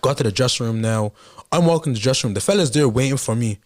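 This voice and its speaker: Young dublin lad telling a story on a podcast, middle pitch, does the voices of people in it. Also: male voice, fast talker, darkish tone. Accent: Dublin Irish. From Ireland. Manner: anecdotal storytelling, acts out dialogue. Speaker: podcast guest. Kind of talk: casual podcast chat.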